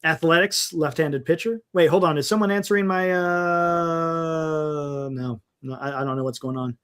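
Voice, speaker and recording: This is a man with a fairly high voice, hosting a casual sports talk livestream. He rambles and thinks out loud, trailing off and restarting as he reads names off a list. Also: fairly quick. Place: home livestream setup. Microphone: desktop mic on a live stream.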